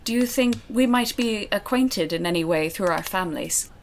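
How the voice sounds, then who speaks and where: A woman voicing a polite young gentleman who speaks in a genteel, formal, solicitous way. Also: medium pitch, animated, moderate pace, a little hiss or hum, natural voice. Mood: courteous. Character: courteous young English gentleman.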